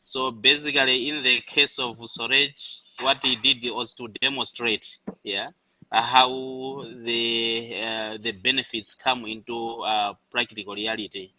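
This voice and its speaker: Bright-voiced man answering haltingly. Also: medium pitch, flat delivery, no room sound, far from the mic, rough recording. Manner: halting, with stammers and fillers. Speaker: student. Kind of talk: answering in class.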